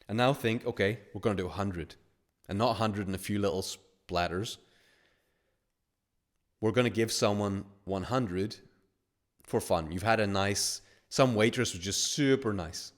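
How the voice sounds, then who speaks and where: A man's voice: fairly low pitch, takes it slowly, long pauses. A man hosting a webinar as a money-mindset coach, talking casually in a rambling, filler-heavy way and acting out little scenarios.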